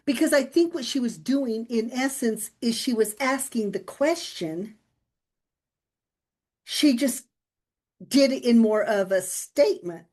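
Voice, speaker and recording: A woman co-hosting a podcast, telling personal stories in a relaxed, reflective way and laughing often. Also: fairly high pitch, slow, pauses often. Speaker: podcast co-host. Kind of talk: casual conversation.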